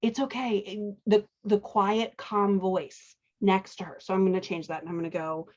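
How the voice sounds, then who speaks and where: Working through a manuscript on her show, a host and dialogue editor teaches dialogue in a casual chat, often asking "right?" as she thinks aloud. Her medium-pitched voice is a little mellow, with fairly even intonation and normal speed, and the highs are cut off.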